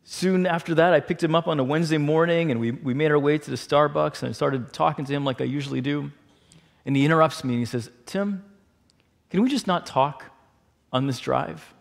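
A man's voice: fairly high pitch, fast, vocal fry. Chatty man telling a story. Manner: chatty, animated, lots of fillers. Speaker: speaker. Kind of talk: storytelling talk.

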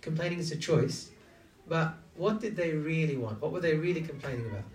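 A man's voice: fairly high pitch, fairly quick. Man, preacher, chatty sermon, asks the congregation questions, voice from far off the mic. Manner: engaging, asks the audience many rhetorical questions. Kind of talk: conversational sermon. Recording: echoey room, distant from mic.

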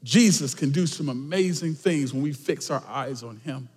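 A man preaching a sermon as pastor, swinging emphatically between shouted lines and quiet asides. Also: mid-range voice, moderate pace. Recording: echoey church hall.

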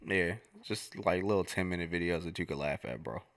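A man's voice: sits low, brisk, fairly bright tone, dry recording, studio quality. A young man co-hosting a podcast, telling stories in casual slangy chat. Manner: laid-back slangy storytelling. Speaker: podcast co-host.

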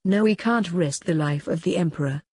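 A woman reading the part of a calm, practical adult male alien in a storybook, matter-of-fact. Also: on the high side, normal speed, slightly rough, dry recording.

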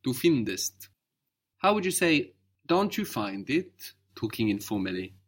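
A man's voice: mid-range voice, very animated, moderate pace, a bit bright. A man teaching a spoken language lesson, patiently explaining and modeling each word carefully.

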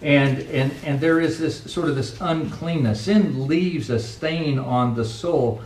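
A middle-aged pastor preaching a sermon with earnest, emphatic delivery, recorded from a distance in a church sanctuary. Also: male voice, on the high side, takes it slowly, a little mellow, slight background noise. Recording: echoey room, voice from a distance.

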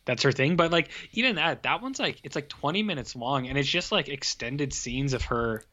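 A man's voice: medium pitch, lively intonation, normal speed, pushed and bright. A man co-hosting a podcast in a laid-back, rambling, joking way. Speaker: podcast co-host. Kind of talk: casual chat. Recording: dull lo-fi audio.

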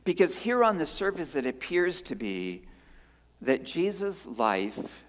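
A pastor preaching a sermon in an earnest way, moving between strong emphasis and hushed lines and asking rhetorical questions. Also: male voice, fairly high pitch, very animated, a little slow. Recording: long hall reverb.

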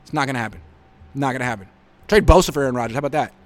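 A man's voice: medium pitch, rapid-fire, soft background music. A man hosting a live sports reaction show, reading viewer comments and answering with blunt sarcasm.

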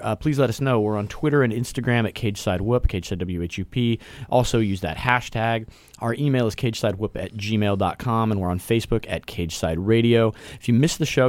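A man's voice: lowish voice, darkish tone, no echo. A man hosting a casual local radio show, talking loosely with restarts and easy laughs. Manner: rambling, restarts, laughs easily.

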